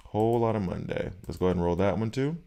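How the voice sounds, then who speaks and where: While streaming a game, a man talks quickly and casually to his viewers, mulling over stats and decisions out loud. His lowish voice is creaky yet warm, clear and resonant.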